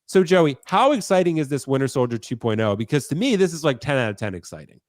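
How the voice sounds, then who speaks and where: A man hosting a casual collectors' chat, excited and chatty, sounding congested from a cold. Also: medium pitch, quick pace, no echo, studio quality. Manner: excited, chatty, says dude a lot. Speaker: host.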